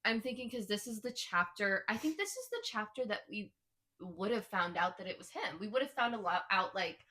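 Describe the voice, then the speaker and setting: Animated young woman, bright voice. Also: mid-range voice, fairly quick. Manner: animated storyteller, retelling scenes. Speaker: podcast co-host. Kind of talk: casual book chat.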